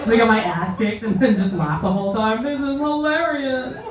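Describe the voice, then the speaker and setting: A woman's voice: mid-range voice, a little fast, slight background noise. A woman doing a stand-up comedy set, brash, crude and self-mocking. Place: comedy club stage. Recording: echoey club from far off, dull, crowd.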